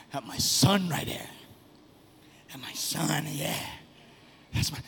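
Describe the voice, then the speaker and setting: A man preaching a sermon as pastor, swinging between sing-song shouts and sudden soft, quiet asides. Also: on the high side, very slow, creaky, a little hiss or hum. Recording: long reverb of a large hall.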